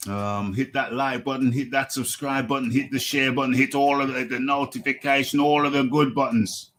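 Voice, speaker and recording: A man's voice: medium pitch, fairly even intonation, normal speed, fairly bright tone. A man hosting a live boxing talk stream, chatty as he reads out the names of viewers. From United Kingdom. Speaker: host.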